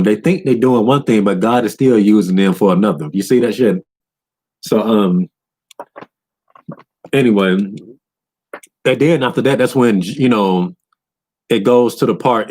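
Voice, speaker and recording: Profane man ranting in a casual, low voice. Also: a little mellow. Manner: loose and profane, jumps into high-pitched quoted voices for game characters. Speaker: gaming commentator. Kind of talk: casual rant recapping a video game.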